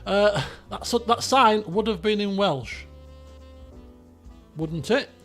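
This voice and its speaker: A man's voice: sits high, animated, slow, a bit bright, soft background music. A man commentating a guessing game on a live stream, chatty, thinking aloud and laughing often.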